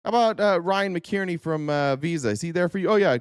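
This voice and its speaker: A man's voice: high-pitched, brisk, few pauses, clean tone, no room sound, clean studio sound. A man hosting a casual political commentary show, sarcastic and profane, firing off rhetorical questions. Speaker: host.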